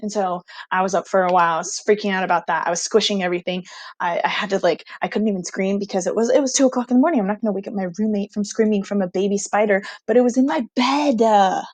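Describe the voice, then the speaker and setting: A young woman teacher telling her students a casual, animated story, excitable and full of "like". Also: medium pitch, fast, no echo.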